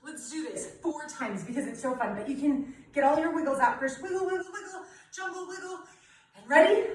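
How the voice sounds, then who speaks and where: A woman's voice: high-pitched, normal speed, fairly bright tone, heavy reverb, recorded from a distance, slight background noise, rough recording. A woman leading a children's yoga class, playful and encouraging, laughing often as she guides the kids. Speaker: kids' yoga teacher.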